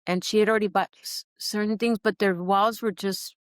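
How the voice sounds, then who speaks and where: A middle-aged woman, a podcast guest, earnestly telling her personal story in an animated, heartfelt way. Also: medium pitch, brisk, no room sound, studio quality. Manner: earnest, animated, acts out quoted dialogue. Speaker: podcast guest, recovery program alumna.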